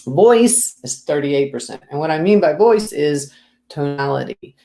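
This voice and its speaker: A woman business coach giving an expressive, lively talk to the camera, asking the viewer direct questions. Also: low voice, unhurried, vocal fry, echoey room.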